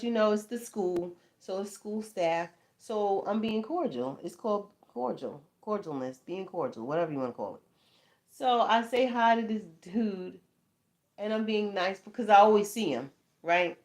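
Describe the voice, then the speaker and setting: A woman in her thirties telling a casual story to her channel, animated and laughing, swearing freely, often asking "you know what I'm saying". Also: medium pitch. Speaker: tarot channel host.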